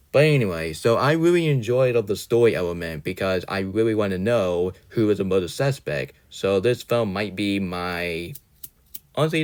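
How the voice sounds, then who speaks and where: A man with a very low voice gives an offhand, opinionated film review. He rambles, backtracks with quick apologies, and slips into little rants. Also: clean tone. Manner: rambling, often corrects himself with "sorry"; opinionated, ranting at times. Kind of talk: casual spoken movie review.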